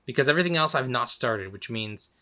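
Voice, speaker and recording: A man giving casual, chatty gameplay commentary, laughing often and swearing lightly, his voice a little hoarse. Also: medium pitch, expressive, fast, pushed and bright. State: slightly hoarse. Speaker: gaming channel host.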